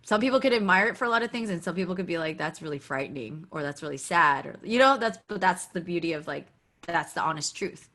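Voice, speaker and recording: A woman podcast guest telling a candid personal story, animated and acting out quoted dialogue, with frequent "like" fillers. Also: fairly low pitch, fast talker. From United States.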